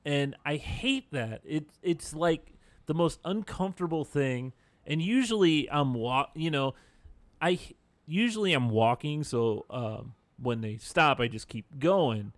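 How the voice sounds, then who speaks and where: A man chatting casually on a podcast, chiming in with quick wisecracks and blunt opinions. His voice sits a little high. It is recorded close and dry. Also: lively intonation, dry recording. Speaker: podcast co-host. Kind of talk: casual chat.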